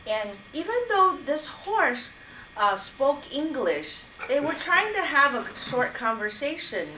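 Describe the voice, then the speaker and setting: A woman improvising a gentle story at a club meeting, with small hesitations, recorded from a distance. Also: high voice, sing-song, takes it slowly. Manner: gentle, with fillers and restarts. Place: meeting room. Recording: echoey room, distant mic, noise.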